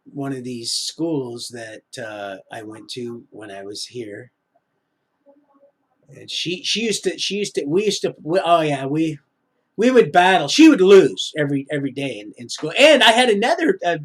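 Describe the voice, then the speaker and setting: Brief: man, high voice for his sex, rambling live-stream storyteller, stop-start delivery, preachy streak. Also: expressive. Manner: halting, full of restarts and trailing asides; preachy, sprinkles in religious talk. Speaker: livestreamer telling his life story.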